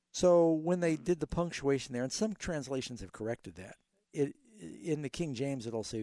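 Mellow-voiced radio pastor answering callers. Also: male voice, medium pitch, moderate pace, dry recording. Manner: explanatory, tells illustrative stories, animated emphasis. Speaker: radio Bible show host, pastor. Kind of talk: call-in radio Bible answers.

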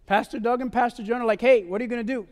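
High-voiced animated man preaching in hall. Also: racing. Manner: animated, preaching with repeated "amen" and "my loved ones". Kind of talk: sermon testimony.

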